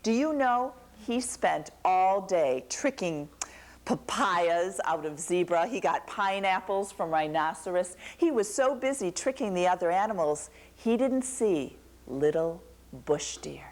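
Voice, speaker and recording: A woman telling a folktale to a young audience, animated and asking them questions. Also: lowish voice, measured pace. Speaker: storyteller.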